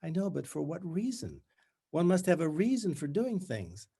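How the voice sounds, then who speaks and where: A man voicing a brisk woman tutor in her fifties, with a strangulated voice forced through gritted teeth and a falsely bright, bossy manner. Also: a little high, sing-song, gravelly, breathy edge, pitched above the performer's own voice, heavily acted. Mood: prim, falsely cheery. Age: 50s. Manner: unbearably faux bright, prim and bossy.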